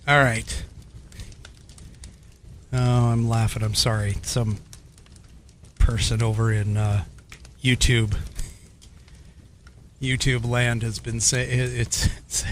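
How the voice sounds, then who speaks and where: Slow, lively American man hosting. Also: mid-range voice, slight background noise. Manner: rambling, chuckling, many fillers and restarts. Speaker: podcast host. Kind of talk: casual political commentary.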